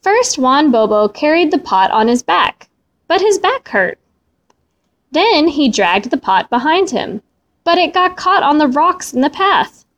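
A woman reading a children's storybook aloud in a slow, expressive way. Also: sits high, dull audio.

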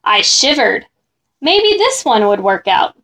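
A woman reading a children's story aloud in an expressive, animated way. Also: on the high side, slow.

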